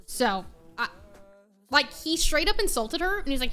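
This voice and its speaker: A woman's voice: high voice, moderate pace. A young woman streamer in casual late-night chat, talking animatedly and reacting to her chat. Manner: chatty, animated, talks to her pet and chat.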